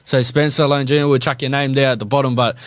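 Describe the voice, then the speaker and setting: A man's voice: medium pitch, fast, dry recording. A young Australian man hosting a podcast, telling stories with lots of laughter and slang. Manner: laughs often, animated storytelling, slangy. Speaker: podcast host. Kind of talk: casual chat.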